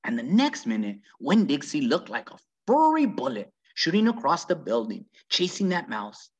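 A man reading a children's book aloud with very lively, animated storytelling. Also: a little high, moderate pace, slightly rough. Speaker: reader.

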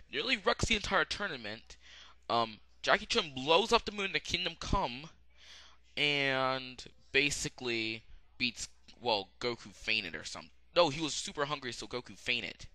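A young man giving a rambling, casual spoken anime review, full of fillers and sudden excited outbursts. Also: mid-range voice, unhurried, dry recording. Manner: rambling, many "um"s, bursts of loud excitement.

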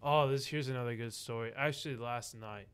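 A man's voice: mid-range voice, steady tone, fairly quick, a bit bright, clean tone. A young man chatting casually on a podcast, rambling through a story, full of "like" fillers and acting out what people said. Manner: rambling, many "like" fillers, acts out quoted lines. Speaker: podcast guest, bouncer.

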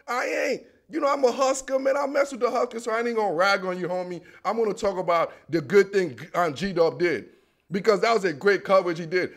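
Young man, football show host, slangy, animated, fairly high-pitched voice. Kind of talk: casual sports commentary.

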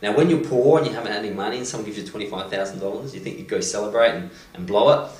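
Low-voiced man telling a motivational story. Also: racing. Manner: animated retelling with frequent "you know" and "um". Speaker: motivational coach. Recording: roomy echo, distant mic.

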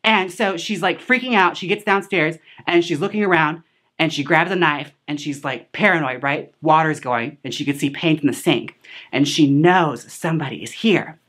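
A woman's voice: low voice, normal speed, a bit bright. A woman hosting a casual movie recap, chatty and sassy, full of filler words and side remarks. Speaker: host reviewing a film.

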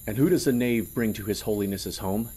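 A stiff, suspicious male guard in an audio drama who talks in lofty, archaic phrasing, as a male narrator voices him. His voice sits low and measured. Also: dark tone, breathy edge. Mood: haughty. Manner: formal, old-fashioned phrasing.

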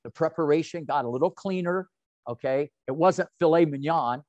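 A man in his sixties, a tennis coach, telling lively, colorful anecdotes in an interview. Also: a little high, moderate pace, dry recording. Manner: animated, colorful anecdotes with slang. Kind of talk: interview storytelling. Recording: dull, dry audio.

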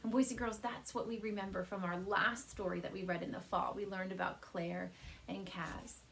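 A woman teacher reading a children's chapter book aloud from her couch at home, speaking gently and warmly to young listeners. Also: mid-range voice, normal speed, gravelly, a little hiss or hum. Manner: gentle, animated storyteller addressing kids.

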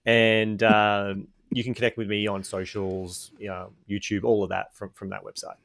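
An Australian man from Sydney, a guest on a podcast, talking in a relaxed, chatty way. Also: on the low side, normal speed, vocal fry, no room sound, studio quality. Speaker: podcast guest, business owner. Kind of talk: casual podcast interview.

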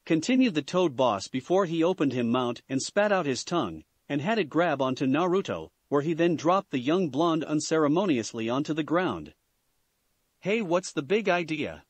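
A man narrating a fan fiction story in a plain, steady reading voice. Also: on the high side, normal speed, hardly any pauses, no room sound. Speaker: story reader.

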